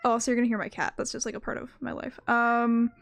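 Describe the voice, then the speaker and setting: Rambling young woman streamer, slightly high. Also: little pitch movement, quick pace, gravelly, fairly bright tone. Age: young adult. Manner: rambling, self-interrupting, full of "like". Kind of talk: casual stream chat. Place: her own room at home.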